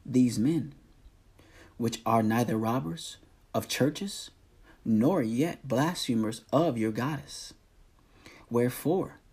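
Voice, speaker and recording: A man reading the part of a town clerk calming a crowd, in a slow, measured, solemn manner. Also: medium pitch, breathy edge.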